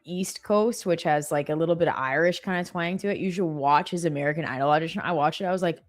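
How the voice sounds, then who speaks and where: A woman's voice: low voice, fast talker. A woman co-hosting a live trading stream, chatting casually, laughing and cheering her trades on.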